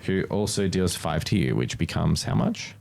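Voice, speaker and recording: A man's voice: sits low, animated, normal speed, vocal fry, a little mellow. A man running a tabletop game as game master, tallying dice and patiently explaining the rules.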